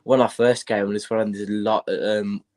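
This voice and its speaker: A man's voice: on the low side, flat delivery, moderate pace, a little mellow. A man co-hosting a casual football stream, stuffy with hay fever and a bug, repeating his points in a laid-back way. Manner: laid-back, repetitive, fan talk. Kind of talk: casual chat.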